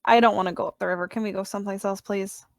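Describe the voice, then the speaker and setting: Fast-talking chatty woman player. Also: medium pitch, steady tone, creaky, dry recording, clean studio sound. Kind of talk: casual chat at a tabletop game.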